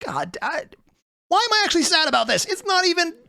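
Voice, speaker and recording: A reaction video host giving casual commentary, animated, thinking aloud and swearing often. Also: extremely high pitch, very fast, creaky, dry recording, studio quality.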